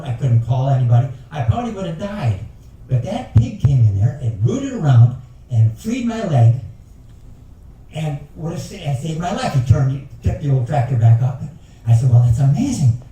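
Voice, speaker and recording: This folksy older man tells stand-up jokes at a passenger talent show in a ship's lounge, wandering off into rambling asides. His fairly high voice is mellow, over a faint hiss or hum. The echoey room was recorded from a distance.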